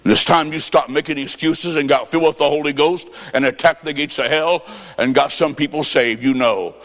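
A man preaching a revival sermon and telling stories, with a dramatic, rhythmic cadence and bursts of shouting. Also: fairly high pitch, fairly quick. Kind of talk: sermon with storytelling. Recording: long hall reverb.

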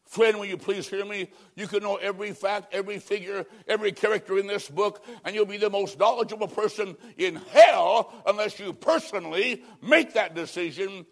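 A man preaching a sermon in a dramatic style, swinging between loud declarations and hushed, drawn-out lines. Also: sits high, creaky.

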